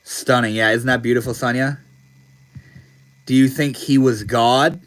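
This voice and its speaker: A man's voice: medium pitch, fairly even intonation, unhurried, a little hiss or hum. A man hosting a casual livestream, reading viewer comments aloud and answering them in a laid-back, slangy way. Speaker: livestream host.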